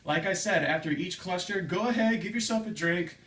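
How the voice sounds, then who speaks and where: A fitness coach with a high-pitched, fairly quick, slightly bright voice leads a home workout, counting reps and explaining each exercise while getting a little winded as he joins in. He's in a home room with a table and couch, and the recording sounds echoey, with the mic placed at a distance.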